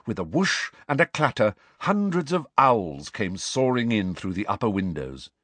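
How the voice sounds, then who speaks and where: Expressive male audiobook narrator. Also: fairly low pitch, moderate pace, dry recording. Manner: expressive storybook reading, voicing each character. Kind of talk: scripted narration.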